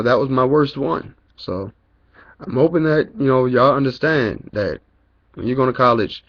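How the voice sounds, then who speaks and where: A man's voice: mid-range voice, muffled recording. A young man telling a long, angry story about college in a casual vlog, swearing a lot and rambling with fillers. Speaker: college student vlogger.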